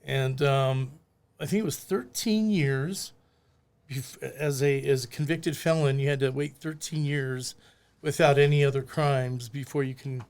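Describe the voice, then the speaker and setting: A man's voice: mid-range voice, unhurried. An older man, a former bail bondsman, telling stories in a casual podcast chat and acting out the voices of people in them. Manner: animated, acts out voices in his stories.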